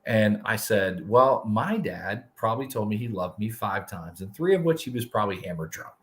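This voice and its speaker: A middle-aged man co-hosting a live talk show, telling candid, animated family stories. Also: lowish voice, moderate pace. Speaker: co-host. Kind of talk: casual live-show chat.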